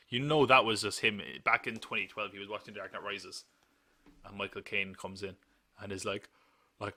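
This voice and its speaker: A man with a fairly low voice hosts a live podcast, chatting casually and drifting off track. His tone is sharp and forceful, and the sound is dry and close with no room echo. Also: fairly even intonation, normal speed. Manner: rambling, joking, laughs often. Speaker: podcast host.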